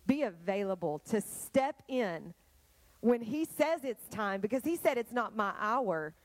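A woman preaching a sermon, telling Bible stories in an animated way and speaking straight to the congregation. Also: mid-range voice, a little slow, poor audio. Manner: animated storytelling, addressing the congregation directly.

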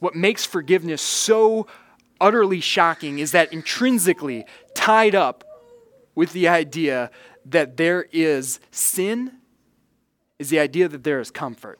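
A man preaching with earnest conviction, his voice a touch higher than most men's. He swells loud on key points and sinks almost to a hush for emphasis. The sound is dry and close, with no room echo. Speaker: pastor. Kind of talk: sermon.

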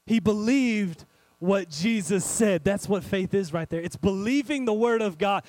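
A man preaching a sermon, animated and speaking straight to his congregation, swinging between loud and hushed. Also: high voice, a little slow, dry recording, rough recording. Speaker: pastor.

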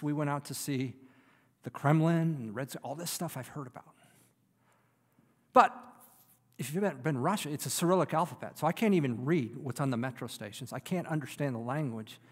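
Pastor, male, sermon delivery, slightly high voice, from booming emphasis to hushed quiet, long hall reverb. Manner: wide swings from loud emphatic preaching to near-whispered quiet.

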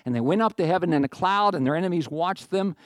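Man, middle-aged, pastor, sermon, animated, joking asides, slightly high voice, dry sound. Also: quick pace, no echo. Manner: animated, jokey asides, acts out quoted voices.

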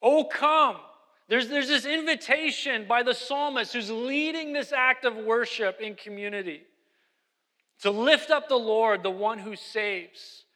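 A man's voice: very high-pitched, measured pace, pushed and bright, long reverb tail. A man preaching a sermon as pastor, emphatic and repeating key phrases.

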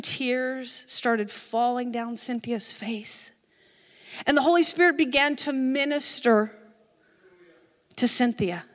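A woman pastor telling a story in a sermon, dramatic and dropping into hushed whispers. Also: sits high. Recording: echoey hall.

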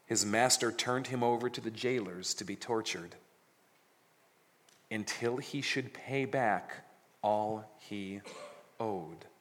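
A man's voice: lowish voice, slow pace, long pauses, fairly bright tone. Man preaching in a reverberant hall. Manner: dramatic, jokey scripture reading. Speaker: pastor. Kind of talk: sermon.

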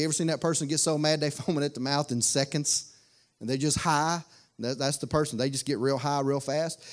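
A man's voice: fairly high pitch, fairly quick. A male pastor, preaching a sermon in a folksy, conversational way with lots of repetition.

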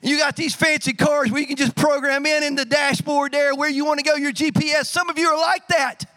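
A middle-aged man preaching a sermon as pastor, animated and humorous, telling stories with sound effects. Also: very high-pitched, brisk.

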